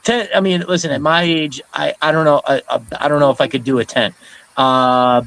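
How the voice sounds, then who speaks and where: A man's voice: a little high, fairly even intonation, fairly quick, vocal fry, fairly bright tone, poor audio. A middle-aged man hosting a live stream in casual, rambling chat. He reads out viewer comments and greets each viewer as brother. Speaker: host of a live stream show.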